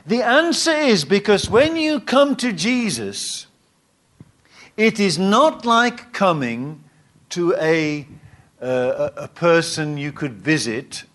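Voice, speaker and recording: Male preacher mid-sermon, slightly high voice with very lively pitch, emphatic, drops to quiet asides. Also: takes it slowly. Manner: emphatic, swings between rising exhortation and quiet asides.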